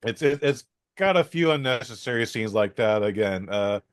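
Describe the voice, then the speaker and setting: A man's voice: fairly low pitch, expressive, moderate pace, a little hiss or hum. A man hosting a podcast, rambling through a casual film review with many fillers, restarts and some swearing.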